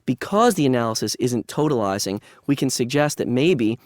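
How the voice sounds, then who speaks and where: A man's voice: mid-range voice, expressive, moderate pace, no room sound, clean studio sound. A man lecturing on literature in a conversational, analytical way, with frequent asides. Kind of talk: academic lecture.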